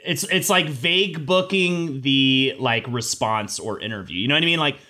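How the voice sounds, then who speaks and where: A man's voice: medium pitch, moderate pace, pushed and bright. A man co-hosting a podcast who chats casually, often hesitating and repeating words as he starts. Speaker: podcast co-host. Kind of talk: casual gossip chat.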